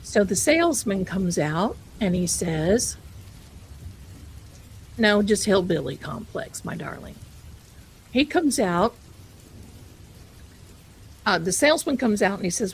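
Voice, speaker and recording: A woman's voice: medium pitch, very animated, slow, long pauses, slight background noise, low-quality recording. A woman hosting a live stream, telling ghost stories in a chatty way and calling her viewers "my darling.". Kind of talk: casual live-stream storytelling.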